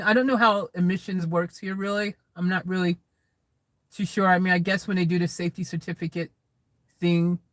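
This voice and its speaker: Inside a car, an American man vlogger with a high, fairly bright voice answers live chat on a livestream Q&A; the recording is rough but without echo. He reads out comments and responds in a rambling, hedging way, restarting often.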